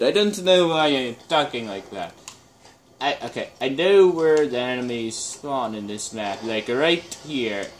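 A man's voice: medium pitch, expressive, unhurried, slight background noise. A man giving casual live gameplay commentary, chatting and reacting aloud with sudden exclamations and muttered groans.

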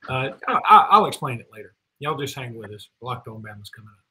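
A man hosts a casual sports podcast in a bright, forceful voice. He talks in a chatty, folksy way, full of fillers and restarts. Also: mid-range voice, very animated, fast talker, a little hiss or hum, poor audio. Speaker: podcast co-host.

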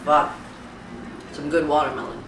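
A young adult comic from Fiji, ranting loudly with constant swearing and mock outrage in a parody talk-show segment. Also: medium pitch, moderate pace. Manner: loud, animated, swearing constantly, exaggerated outrage. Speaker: comedian recreating a talk show. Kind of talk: profane comic rant to camera. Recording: roomy echo, distant mic, faint background hiss.

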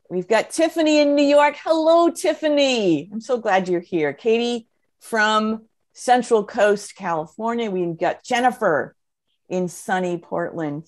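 Upbeat woman moderating a webinar. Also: medium pitch. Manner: upbeat, effusive, with fillers. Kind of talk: live webinar hosting.

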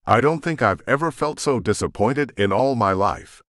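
A man's voice: medium pitch, expressive, moderate pace, fairly bright tone, no echo, studio quality, voice pushed up, close to an everyday voice. A man voicing an anguished young witch woman, bitter and accusing toward her mother, in an audiobook. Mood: hurt, angry.

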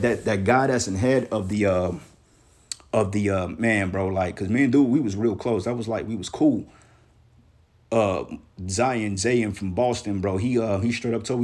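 A man's voice: fairly low pitch, normal speed, darkish tone. A man preaching a blunt, profane sermon, reading scripture aloud and confronting critics, peppering his speech with "man" and "bro".

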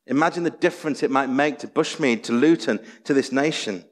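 A man's voice: medium pitch, fairly quick. A man preaching a sermon as pastor, earnest and exhorting, full of rhetorical questions. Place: church sanctuary. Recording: long church hall reverb.

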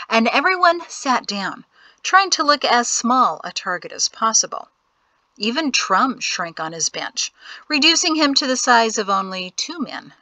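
A woman narrates an audiobook with a bright, crisp voice pitched a little high. The sound is close and dry, with steady storytelling delivery. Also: no echo, poor audio. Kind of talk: scripted narration.

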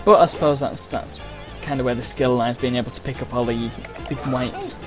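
A chatty man with a medium-pitched voice narrates a racing game at a fairly quick pace in casual let's-play fashion. He rambles with frequent uhs and playful exclamations as game music and sound effects play.

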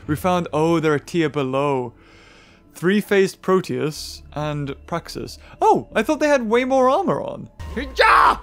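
A gaming video host gives excitable let's-play commentary in a lively male voice that's a little high and a little slow. He laughs often and cheers at the screen, talking over game music.

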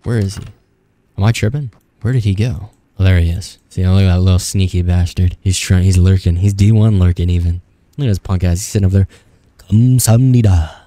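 A young man rambles through loose gameplay commentary, swearing and shouting at characters on screen. His voice sits very low and dark. The sound is dry and close, with no room around it. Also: fairly even intonation, quick pace, no echo. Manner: rambling, profane, talks back at the screen. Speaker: gaming YouTuber.

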